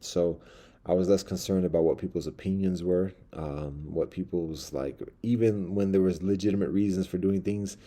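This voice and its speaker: A man's voice: low voice, steady tone, moderate pace, dark tone. A man telling a personal story in a casual, rambling monologue with many asides. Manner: rambling, loose, full of fillers and asides.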